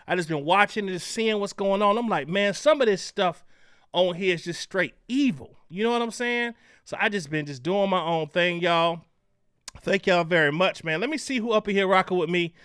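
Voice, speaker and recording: A man hosting a casual livestream chat, loud and animated as he greets viewers. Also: high-pitched, normal speed, clear, resonant tone, no room sound, studio quality. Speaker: livestream host.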